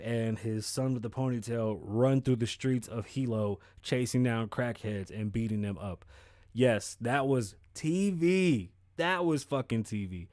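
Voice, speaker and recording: A man hosting his own show, talking through news in a profane, rambling, animated way. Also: mid-range voice, dry recording, studio quality. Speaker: podcast host. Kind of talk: casual commentary.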